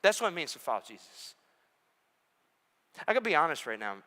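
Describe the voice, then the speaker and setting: A man's voice: fairly high pitch, big pitch swings, a little fast, bright, forceful tone. A man preaching a sermon as pastor, earnest and building to emphatic repeated questions. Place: large church auditorium. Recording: echoey church hall.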